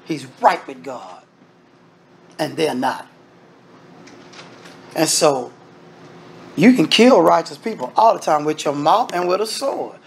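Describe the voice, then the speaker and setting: A man's voice: on the high side, expressive, slow pace, creaky, pauses often, slight background noise. A man preaching a sermon as minister, emphatic and repetitive, firing rhetorical questions and calling the congregation brethren. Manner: addresses listeners directly as brethren.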